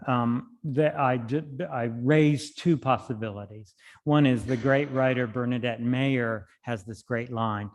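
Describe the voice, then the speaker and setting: Man, poet, reading and chatting about his work, thoughtful, library hall, long reverb. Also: medium pitch. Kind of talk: poetry reading with spoken commentary.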